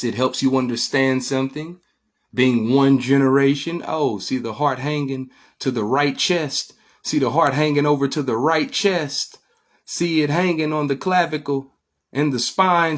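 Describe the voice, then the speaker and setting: A man's voice: medium pitch, a bit bright. A man giving an informal spiritual lecture, preachy and repetitive, often asking listeners if they follow him. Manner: preachy, repetitive, asks listeners "get my drift?". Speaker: spiritual teacher. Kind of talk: informal lecture, explaining images.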